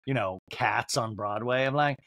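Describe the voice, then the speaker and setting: A man's voice: medium pitch, normal speed, vocal fry, a bit bright, no echo, studio quality. A man hosting a podcast, giving a rambling, comedic recap of a reality show with lots of fillers like "like". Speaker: podcast host.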